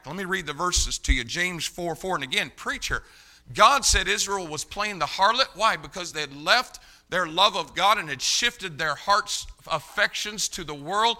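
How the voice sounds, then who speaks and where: High, bright-voiced impassioned preacher man. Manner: impassioned preaching, swings from quiet asides to loud shouted emphasis. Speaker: pastor. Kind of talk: sermon. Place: church sanctuary.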